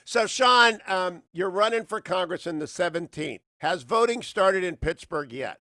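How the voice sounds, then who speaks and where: A middle-aged male radio host from northeastern Ohio runs the interview, chatty and animated. He drops to a low, quiet register for serious points. His voice sits a little high and sounds close and dry. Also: measured pace, no echo. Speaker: radio talk show host.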